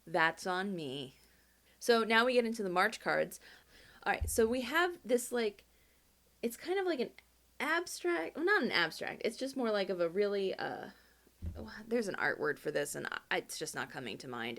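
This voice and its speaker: A woman chatting casually as she reads out viewer postcards, animated and quick to jump up in pitch with delight. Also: vocal fry. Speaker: video creator reading fan mail. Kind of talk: casual chat, reading postcards aloud.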